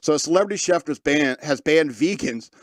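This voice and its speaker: A man's voice: a little high, animated, brisk, no echo, studio quality. A man hosting a podcast, reading news stories aloud and breaking off into sarcastic, mocking asides. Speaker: podcast host. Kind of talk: comedic news commentary.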